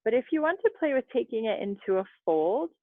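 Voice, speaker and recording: A woman leading a yoga class over a video call, giving calm, chatty cues with little laughs and asides. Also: fairly high pitch, a little fast, no echo. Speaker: yoga instructor. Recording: dry, phone-like video call audio.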